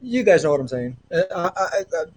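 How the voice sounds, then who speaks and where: A middle-aged man with a Mexican accent and a fairly high voice hosts a casual spiritual livestream from home. He speaks through an earbud mic in a rambling, earnest way, often trailing off mid-thought and starting over. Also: big pitch swings, brisk, breathy edge. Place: home with children nearby. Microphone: earbud headset.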